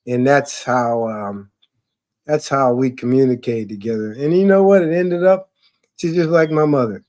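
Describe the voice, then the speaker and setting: A man's voice: medium pitch, moderate pace, darkish tone. A man telling loose, profane stories in casual chat, rambling with fillers and laughing often. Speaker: podcast talker.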